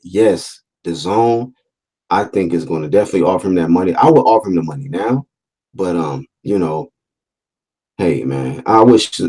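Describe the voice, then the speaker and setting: A man with a lowish, mellow voice chats casually on a livestream. He talks loosely and repeats his points. He drops in slang and stops to read out viewer comments. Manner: talkative, repeats phrases, reads out chat comments; fillers and restarts, laid-back slang. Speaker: boxing livestream host.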